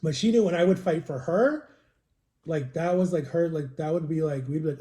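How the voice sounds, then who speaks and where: A man's voice: fairly high pitch, normal speed, warm tone. A man rambling through a personal story in a casual vlog, in a confiding way. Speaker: vlogger. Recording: roomy, echoey home recording.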